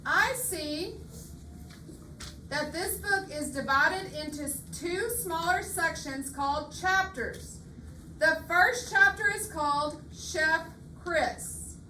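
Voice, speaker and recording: A woman teacher leading a reading lesson in a classroom, patient and slow, repeating her questions. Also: very high-pitched, pushed and bright. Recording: echoey classroom, far mic, faint hiss.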